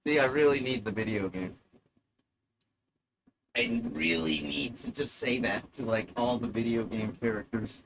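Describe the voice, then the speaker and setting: A man's voice: medium pitch, animated, moderate pace, creaky, a bit bright, a little hiss or hum, poor audio. A man streaming live, rambling in a sardonic, self-mocking way and swearing freely.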